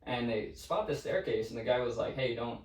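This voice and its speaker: A man co-hosting a podcast, telling eerie stories in a casual, profane, animated way. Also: medium pitch, a little fast. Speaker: podcast co-host. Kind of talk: casual storytelling chat. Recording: roomy, distant mic.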